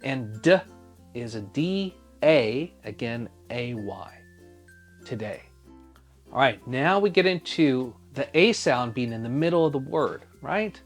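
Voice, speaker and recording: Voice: mid-range voice, lively intonation, a little slow, soft background music. A teacher giving a phonics spelling lesson for young children, sounding out each letter patiently and asking the listener to spell along.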